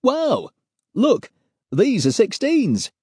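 A man voicing an excitable geeky male colleague with breathless, wide-eyed enthusiasm. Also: very high voice, slow pace, dry recording, studio quality, voice pushed up, full character voice. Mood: excited.

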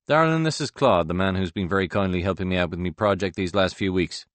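A man's voice: low-pitched, fast talker, dry recording, close to an everyday voice. A man voicing a harried, blustering husband and father who talks brusquely and with mock-jovial exasperation. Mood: exasperated.

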